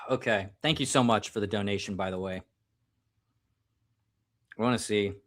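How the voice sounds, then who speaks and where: A man's voice: fairly low pitch, moderate pace, fairly bright tone. An American man hosting a live stream, chatting casually and joking while drinking, rambling and self-mocking.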